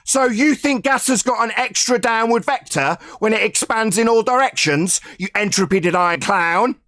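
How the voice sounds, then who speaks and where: A man's voice: high-pitched, normal speed, bright, forceful tone, no echo, studio quality. A man in a heated online debate, taunting and insulting his opponent, repeating jeers.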